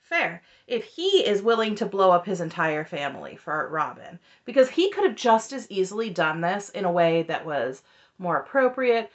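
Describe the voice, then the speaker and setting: Animated, sarcastic woman recapping TV. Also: mid-range voice, muffled recording. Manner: sarcastic, exasperated, laughs often. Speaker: reality TV recap YouTuber. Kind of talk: opinionated recap commentary.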